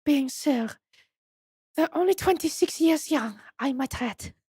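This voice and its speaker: A woman's voice: sits high, animated, a little slow, dark tone, dry recording, clean studio sound, voice pushed up. Woman putting on a grand mock-French museum madame. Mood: haughty. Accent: put-on French. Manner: grand and mannered, slightly shaky accent. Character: theatrical female waxwork museum owner. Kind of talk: reading game dialogue aloud.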